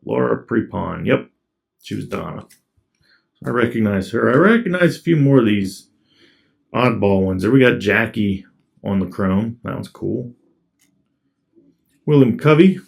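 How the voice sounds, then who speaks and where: A man's voice: mid-range voice, gravelly, a little mellow. A man casually commenting as he opens trading card packs, reading off each card in a laid-back way. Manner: laid-back, reads off cards as he goes. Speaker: card collector opening packs.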